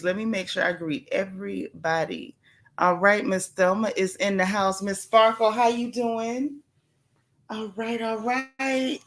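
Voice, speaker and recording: Woman host, casual livestream chat, playful shout-outs, mid-pitched voice. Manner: warm, playful, chatty banter with the chat. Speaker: livestream host greeting viewers. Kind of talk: casual live-stream chat.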